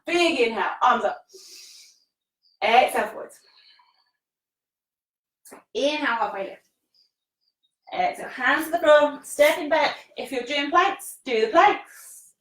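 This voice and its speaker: A woman leading a live-streamed yoga class, cueing breaths and poses in an encouraging, casual way while exercising and a little out of breath. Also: fairly high pitch. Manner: encouraging, laughs often, casual British phrasing. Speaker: yoga teacher. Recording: echoey room, voice from the mic's distance.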